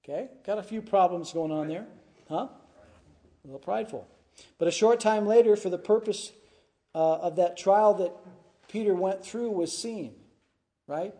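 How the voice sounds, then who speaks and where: A man's voice: high-pitched, unhurried, pauses often, dark tone. A man, a pastor, preaching through a scripture passage and often checking in with his congregation with "huh?" and "right?". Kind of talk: expository sermon.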